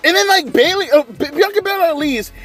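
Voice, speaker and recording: A young man giving casual, profane, rambling wrestling commentary, excitable and full of slang. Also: very high voice, brisk, faint music behind. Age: young adult. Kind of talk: casual watch-along commentary.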